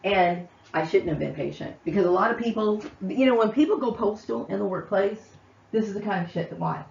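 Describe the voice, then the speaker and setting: A woman's voice: medium pitch, fairly quick, gravelly, darkish tone. A woman hosting her own channel, ranting heatedly to camera and repeatedly asking "okay?". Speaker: channel host. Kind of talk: angry vlog rant to camera. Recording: echoey, distant, muffled room sound.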